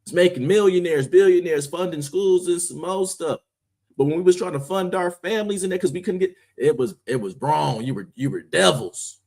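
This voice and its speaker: A man's voice: high-pitched, moderate pace, a little mellow. A man hosting his own stream, giving an impassioned, preachy monologue full of slang and rhetorical questions. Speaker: streamer, host.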